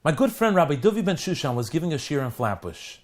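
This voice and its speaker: Higher-voiced man telling a dramatic story. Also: sing-song, fast talker. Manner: dramatic, swings between loud and hushed. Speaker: rabbi. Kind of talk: storytelling appeal.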